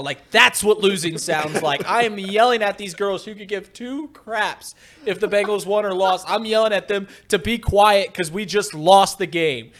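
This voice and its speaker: A man co-hosting a casual sports talk show, telling a lively story and getting loud when he acts out his rant. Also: high voice, normal speed. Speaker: podcast co-host.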